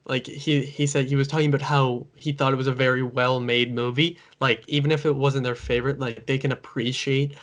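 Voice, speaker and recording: A man hosting a casual podcast conversation, relaxed and loose with fillers. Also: medium pitch, brisk, hardly any pauses. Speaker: host.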